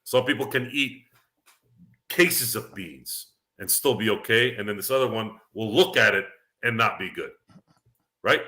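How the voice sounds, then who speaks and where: Bright-voiced man rambling on a sports show. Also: on the low side, measured pace. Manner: rambling, emphatic, preachy asides. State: tipsy. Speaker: show host. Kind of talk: casual sports talk monologue.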